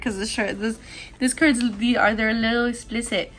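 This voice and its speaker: Chatty animated woman tarot reader. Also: fairly high pitch, moderate pace. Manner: chatty, animated, swearing, laughing often. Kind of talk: casual tarot reading.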